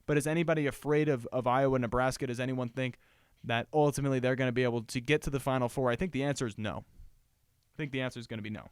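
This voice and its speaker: A man's voice: mid-range voice, fairly even intonation, very fast, clear, resonant tone, dry recording, studio quality. A man hosting a sports show on his own, giving emphatic commentary and repeating his points for stress.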